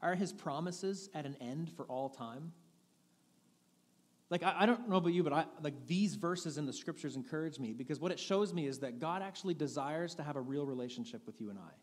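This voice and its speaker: A man's voice: on the high side, lively intonation, fast talker, few pauses, long reverb tail. A man preaching a sermon as pastor, in a candid, conversational manner with frequent restarts. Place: church sanctuary.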